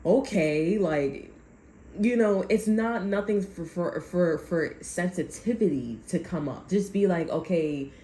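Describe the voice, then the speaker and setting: Low-voiced rambling woman in an echoey room. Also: measured pace, mellow. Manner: rambling, profane, laughs often. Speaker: tarot reader. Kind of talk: casual vlog rant. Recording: echoey room with faint noise.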